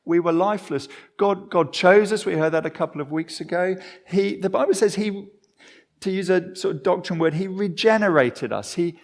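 A man's voice: high voice, normal speed. A man preaching a sermon in a conversational way, often restarting his phrases, at a church service.

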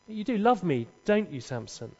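A man's voice: sits high, sing-song, moderate pace, darkish tone, husky, full character voice. A man putting on the voice of a scheming young woman, coaxing and teasing, in an echoey hall. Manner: wheedling, teasing, pleading. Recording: echoey, dull hall recording.

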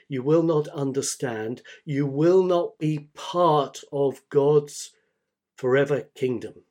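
A male pastor delivers a sermon at an unhurried, measured pace. His pitch sits in an ordinary middle range. He leans on repetition to drive each point home. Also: darkish tone. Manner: slow, deliberate preaching with repeated emphasis.

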